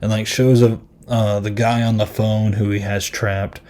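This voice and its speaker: A man's voice: on the low side, level tone, unhurried, a little mellow. A man hosting a podcast and reviewing a film in casual chat, rambling and amused, with lots of ums and likes.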